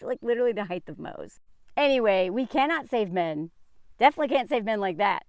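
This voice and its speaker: A woman's voice: medium pitch, lively intonation, brisk, no room sound, studio quality. A woman giving casual opinion commentary as a vlogger, sarcastic, laughing often and filling her talk with "like".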